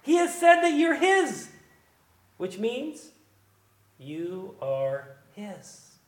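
A male pastor preaches with a high, very lively voice that swings from hushed lines to loud, emphatic ones. The sermon rings through an echoey church room. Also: very slow. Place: church sanctuary.

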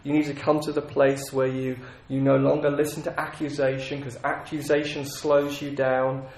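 A man's voice: mid-range voice, little pitch movement, moderate pace, a little mellow, reverberant. A man giving an earnest sermon, acting out prayers and God's replies as he teaches. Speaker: preacher.

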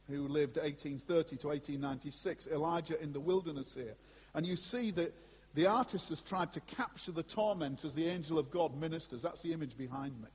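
A man preaching a sermon to a congregation in an animated, conversational way, with asides to his listeners. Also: high voice, breathy edge. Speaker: pastor. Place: church before a congregation. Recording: long hall reverb.

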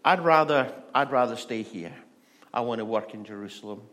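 A man's voice: mid-range voice, normal speed, fairly bright tone, natural voice. A man voicing a grumbling male missionary who whines that he would rather stay home. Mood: reluctant. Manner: whiny, dismissive grumbling. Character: grumbling reluctant male missionary, avoiding travel.

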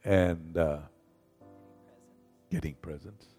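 A male pastor preaches at an unhurried, deliberate pace, swelling in volume whenever he quotes scripture and calling the congregation to repeat after him. His voice carries a long reverb in a church sanctuary. Soft instrumental music plays underneath. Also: low-pitched, fairly even intonation. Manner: preaching with call-and-response to the congregation; slow, emphatic delivery with rising volume on scripture. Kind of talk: sermon. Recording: reverberant hall with faint music.

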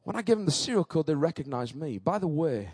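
A man preaching in church, telling a personal story and building to fervent, shouted exclamations. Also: fairly high pitch, very animated, fast, breathy edge, no room sound.

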